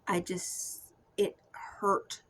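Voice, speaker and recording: A young woman giving a soft, confessional personal testimony that often drifts into a whisper. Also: very slow, rough recording. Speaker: Christian testimony speaker.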